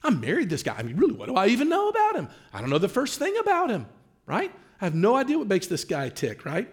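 Brief: man playing an anxious new bride, pitched well up, fretful questions. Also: huge pitch swings, fast. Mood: suspicious. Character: anxious young newlywed wife, doubting her husband.

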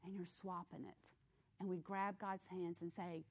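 A woman's voice: lowish voice, measured pace, husky. A woman teaching a Bible study in a conversational, emphatic way, reading scripture aloud and explaining it. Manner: expressive, emphatic, acts out quotes.

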